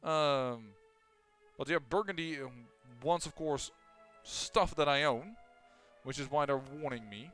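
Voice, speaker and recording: A man's voice: on the high side, a little slow, a bit bright, faint music behind. A man casually commenting on his own strategy game as he plays, thinking aloud with lots of fillers and restarts. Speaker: gameplay commentator.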